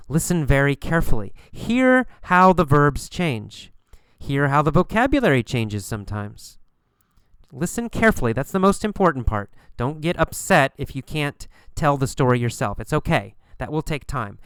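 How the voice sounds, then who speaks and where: A man teaching a recorded English lesson, repeating words slowly and encouraging his listeners. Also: medium pitch, a bit bright, smooth, no room sound, clean studio sound. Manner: slow, repetitive, encouraging.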